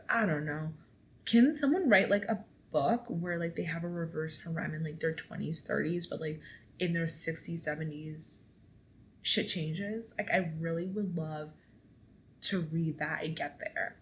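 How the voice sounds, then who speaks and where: A woman in her twenties hosting a casual solo podcast, chatty and animated, swearing freely as she tells stories. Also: on the low side, a little hiss or hum. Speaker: podcast host. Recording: echoey room.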